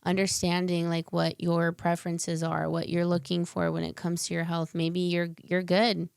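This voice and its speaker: A woman's voice: lowish voice, completely flat delivery, normal speed, creaky, darkish tone, clear, resonant tone, no room sound, studio quality. A young adult woman as a podcast guest, talking earnestly in long winding explanations with fillers. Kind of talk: casual interview conversation.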